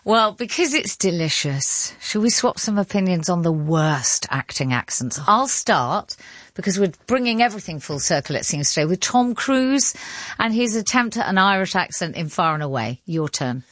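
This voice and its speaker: A woman hosting a radio arts show, presenting and chatting in a brisk, lightly wry manner. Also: lowish voice, big pitch swings, a bit bright, no room sound. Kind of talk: broadcast radio presenting and chat.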